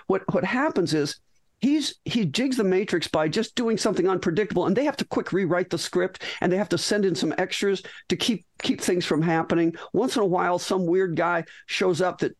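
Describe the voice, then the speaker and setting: A woman's voice: on the low side, dry recording. A middle-aged woman, a physician guest in an interview, tells a story animatedly with frequent restarts and acted-out lines.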